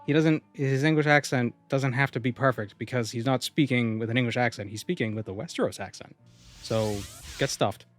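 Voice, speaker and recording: A man's voice: mid-range voice, brisk, faint music behind. Rambling male game streamer. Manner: rambling, reads viewer comments aloud and answers them. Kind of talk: casual live-stream chat.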